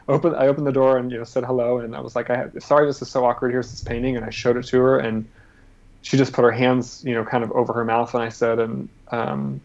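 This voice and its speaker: A man, a guest artist in an interview, tells a personal story in a halting way with many fillers and restarts. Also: medium pitch, vocal fry, a little mellow. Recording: slightly dull lo-fi audio.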